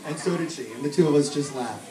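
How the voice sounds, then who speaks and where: A middle-aged father gives a toast at a family celebration, spinning fond, joking stories in a slightly high voice at a quick clip. The mic sounds distant in an echoey hall, with a crowd audible behind him.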